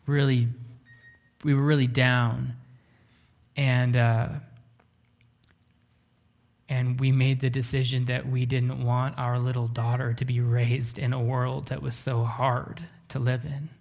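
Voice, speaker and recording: A man preaching a sermon, telling a story earnestly, slowing down and dropping to a hush for emphasis. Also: medium pitch, little pitch movement, vocal fry. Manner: earnest, often slows down and drops to a hush for emphasis. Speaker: pastor.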